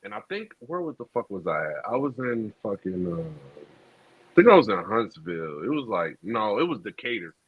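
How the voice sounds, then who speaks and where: Man telling a profane, animated story. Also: fairly low pitch, normal speed, husky, no echo. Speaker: podcast co-host. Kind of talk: casual storytelling. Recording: dull lo-fi sound.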